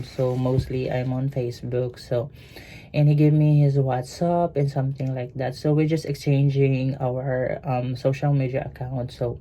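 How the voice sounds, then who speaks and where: A Filipino cruise ship crew member tells a story in a rambling, casual way, mixing Tagalog and English and using lots of fillers. The voice is medium-pitched and dark, with level intonation and a measured pace. The recording sounds dull and lo-fi, with a faint hiss.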